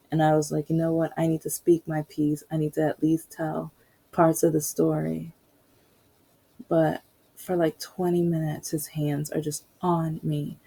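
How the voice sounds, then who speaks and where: Husky low-voiced woman telling a story. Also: mellow. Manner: candid, rambling, with many asides. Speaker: podcaster. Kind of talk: casual personal storytelling.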